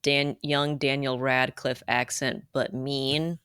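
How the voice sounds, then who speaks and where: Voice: mid-range voice, little pitch movement, takes it slowly, pushed and bright, clean tone, dry recording, studio quality. A podcast co-host in casual chat, playful and joking at their own expense. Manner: playful, self-mocking asides.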